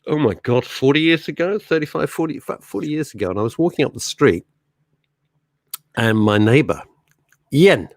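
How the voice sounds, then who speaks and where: A man's voice: medium pitch, lively intonation, fairly quick, no echo, studio quality. A middle-aged man hosting a radio show, chatting casually and rambling through anecdotes. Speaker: radio host. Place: radio studio.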